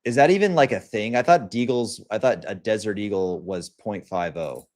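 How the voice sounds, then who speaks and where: This young livestream host delivers a casual, blunt, profane rant, often acting out what other people said. His voice sits lowish and a little mellow, at a normal speed.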